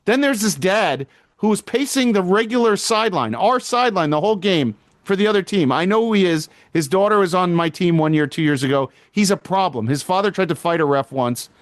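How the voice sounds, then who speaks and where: A male podcast co-host in loose, casual chat, telling his stories with lots of energy and plenty of swearing. His voice sits a little high for a man, and it is recorded close and dry with no room sound. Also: brisk, dry recording. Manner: animated storytelling, swears freely.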